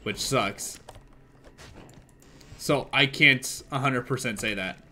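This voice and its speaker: A young man streaming a game live and chatting casually, excitable and swearing freely as he thinks aloud. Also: medium pitch, slow pace.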